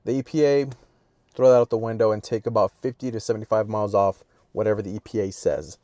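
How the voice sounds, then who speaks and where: A man's voice: on the low side, fairly even intonation, fast talker, mellow, no echo. A man talking casually to camera outdoors about his car, plain-spoken with offhand asides, sniffly from allergies. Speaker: vlogger reviewing his car.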